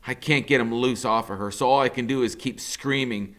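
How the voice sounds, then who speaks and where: Man reading a novel aloud, bright. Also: medium pitch, brisk, hardly any pauses. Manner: expressive storytelling, rising to intensity.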